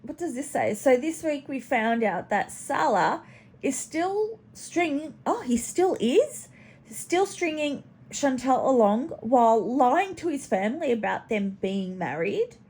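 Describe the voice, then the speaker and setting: A woman's voice: high voice, sing-song, measured pace, a little mellow, slightly rough. A woman hosting a casual reaction commentary, chatty and snarky, swearing now and then. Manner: chatty, snarky, swears, talks to her pet in baby talk. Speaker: commentary channel host.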